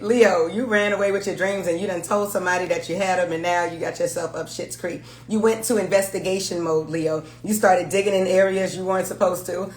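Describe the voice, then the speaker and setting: Brief: frank, chatty woman reading tarot, slightly low voice. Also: reverberant. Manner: chatty, frank, swears and laughs freely. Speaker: tarot reader.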